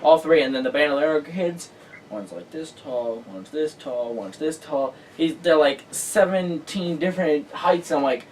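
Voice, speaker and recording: A male host telling a story in casual chat, excitable and full of filler words. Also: on the high side, moderate pace, recorded from a distance, slight background noise, rough recording.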